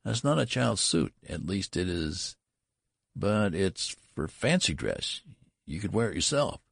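A man's voice: sits low, very animated, unhurried, vocal fry, husky, no echo, studio quality, pitched above the performer's own voice, heavily acted. A man voicing a puzzled store clerk who is polite, curious and fussy. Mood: protesting.

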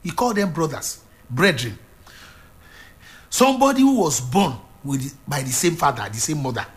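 A man's voice: a little high, big pitch swings, normal speed. A man preaching a sermon, retelling a Bible story with fervent, dramatic delivery and repeated phrases.

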